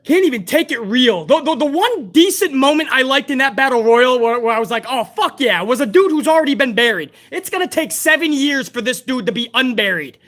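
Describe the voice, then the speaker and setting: A woman's voice: high voice, lively intonation, brisk, few pauses, a bit bright. A woman hosting a live wrestling review stream, ranting bluntly and heatedly with plenty of profanity. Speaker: wrestling show host.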